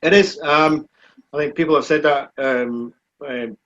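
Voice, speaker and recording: A man in his forties with a Scottish accent, a speedway rider answering questions in a relaxed, plain-spoken way during a live online chat. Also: on the high side, unhurried. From Scotland. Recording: dull, muffled lo-fi stream audio.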